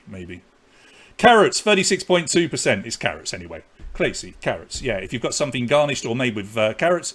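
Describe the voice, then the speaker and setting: A man's voice: medium pitch, sing-song, brisk, a bit bright, husky. A man with an English accent hosting a live online pub quiz, reading questions and scores with chatty, jokey asides. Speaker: quiz host.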